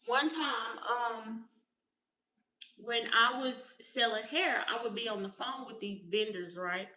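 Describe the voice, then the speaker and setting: A woman's voice: a little high, takes it slowly, bright, forceful tone, reverberant, far from the mic. A woman in her thirties from Alabama with a Southern accent and a youthful-sounding voice, rambling through casual stories to her viewers. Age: 30s. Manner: chatty, rambling storytelling. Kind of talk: casual vlog chat.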